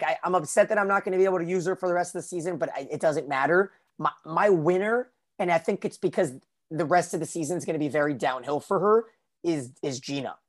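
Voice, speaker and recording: A man co-hosting a podcast, chatting casually about a TV episode with many restarts and fillers. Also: on the high side. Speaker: podcast co-host. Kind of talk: casual TV recap chat.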